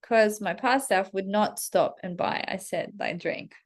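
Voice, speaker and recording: A woman's voice: mid-range voice, unhurried. A woman in her thirties, a self-development coach, telling a personal story to her followers in a candid, casual way, with plenty of swearing and acted-out self-talk.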